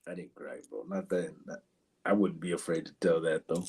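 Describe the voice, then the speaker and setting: A man's voice: sits low, little pitch movement, fairly quick, a little mellow, slightly rough. A man, hosting a live podcast, telling prison stories loosely with lots of swearing and laughter, and reading chat comments aloud. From Arizona, USA. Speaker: podcast host. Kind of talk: casual storytelling chat.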